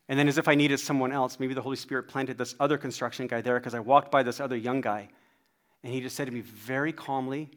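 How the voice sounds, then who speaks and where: A pastor preaches a sermon, telling a personal story in an animated, self-deprecating way. His voice is medium-pitched and fairly quick.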